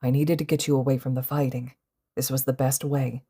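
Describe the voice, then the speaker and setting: A woman voicing a calm, protective teenage boy who speaks softly and steadily, in a fan audiobook. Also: very deep voice, fairly quick, husky, heavily acted. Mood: gentle. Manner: soft, steady, reassuring.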